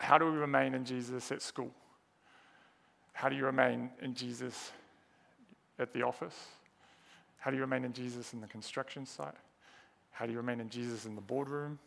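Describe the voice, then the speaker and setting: A man's voice: mid-range voice, gravelly, pushed and bright. A man preaching a sermon, earnest and emphatic, asking rhetorical questions and repeating key words.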